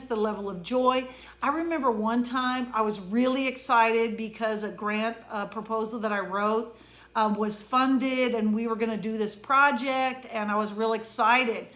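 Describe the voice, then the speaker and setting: An emotion coach with a fairly high, slightly bright voice gives a heartfelt motivational pep talk. She's earnest and conversational, slowing down to draw out the key words she wants to land.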